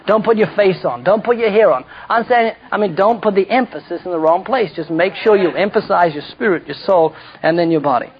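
A man's voice: high-pitched, a little fast, hardly any pauses. A man preaching a humorous sermon with storytelling, jokey asides and self-mocking slips, heard in a dull lo-fi recording.

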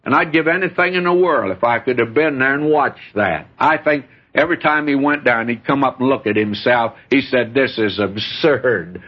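A man preaching a sermon, telling stories in a folksy way with lively rises and falls in pitch. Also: a little fast, few pauses. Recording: dull lo-fi recording.

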